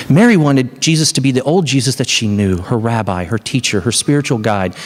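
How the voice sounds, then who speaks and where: A male pastor delivering an Easter sermon in a middle-pitched voice. He preaches conversationally, leaning into stories and rising to earnest emphasis. His delivery feels like a pastor talking straight to his congregation. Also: fairly quick, hardly any pauses. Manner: animated storytelling, conversational.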